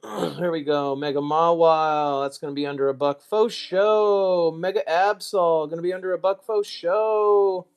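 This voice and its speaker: A relaxed man hosting a casual live stream, mostly murmuring to himself as he works. Now and then he lifts his voice for a quick, joking aside to the viewers in chat. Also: a little high, gravelly, clean tone.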